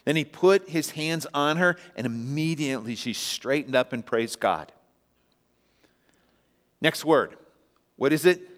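Man, pastor, sermon, animated storytelling, calls on the congregation, slightly high voice, long church reverb. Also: unhurried, long pauses. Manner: animated storyteller, rising to emphatic peaks; asks the congregation to answer and respond. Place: church sanctuary.

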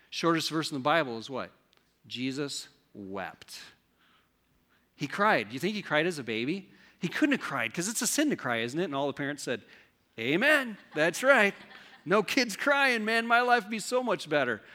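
A man in middle age preaches a sermon, his voice bright and forceful. He keeps throwing rhetorical questions at the congregation, rising and dropping his delivery as he drives each point home, all at an ordinary middle pitch. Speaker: pastor.

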